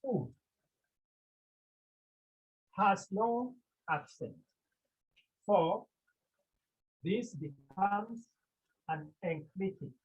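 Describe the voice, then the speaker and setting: A teacher giving a class lecture, speaking slowly and deliberately and sounding out words syllable by syllable, with questions put to the class and then answered. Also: medium pitch, expressive, slightly rough. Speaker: Greek teacher. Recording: tinny phone-like online class audio.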